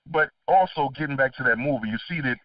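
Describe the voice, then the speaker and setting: A middle-aged man hosting a podcast, talking in a casual, animated way, swearing freely and laughing between his points. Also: medium pitch, fast talker, dry recording. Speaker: podcast host. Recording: dull distant lo-fi dry recording.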